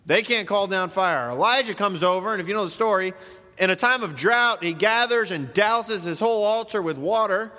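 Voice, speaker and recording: A man's voice: high-pitched, moderate pace, bright, forceful tone, in a large hall. A man preaching a sermon as pastor, emphatic and full of rhetorical questions.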